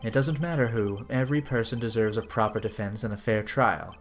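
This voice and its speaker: A man's voice: on the low side, soft background music, pitched below the performer's own voice, lightly acted. A man reading a stern, composed prosecutor. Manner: measured, lecturing.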